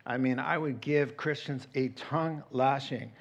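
A middle-aged man preaching a sermon as pastor, animated and acting out quoted voices. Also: mid-range voice, unhurried, gravelly.

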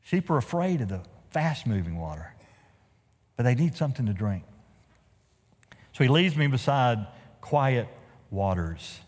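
Animated male pastor preaching in a reverberant hall. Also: medium pitch, unhurried, long pauses. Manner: animated storytelling with humorous asides. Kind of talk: sermon. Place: church sanctuary.

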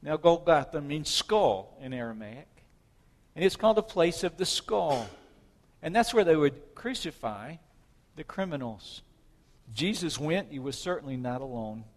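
A man's voice: a little high, very animated, measured pace. A man preaching a sermon, retelling a story dramatically with swelling emphasis. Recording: hall reverb.

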